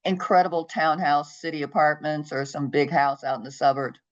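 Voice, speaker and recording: A middle-aged woman with a lowish voice tells a story as a podcast guest, dropping into the voices of the people she quotes. The recording sounds dull and lo-fi. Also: flat delivery, moderate pace. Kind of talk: storytelling in an interview.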